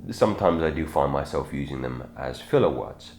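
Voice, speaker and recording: A man with a very low voice gives an unhurried instructional monologue, pausing and correcting himself as he goes. His voice rings in an echoey room with guitar music playing clearly behind him. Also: animated, a little mellow. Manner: measured, thoughtful, self-correcting with fillers. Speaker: self-improvement channel host.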